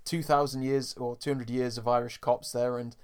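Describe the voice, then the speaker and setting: Podcast co-host, mid-pitched, chatty recapper who slips into impressions. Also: male voice, level tone, a little mellow, smooth. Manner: chatty recapper, drops into quick character impressions. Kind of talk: casual podcast chat.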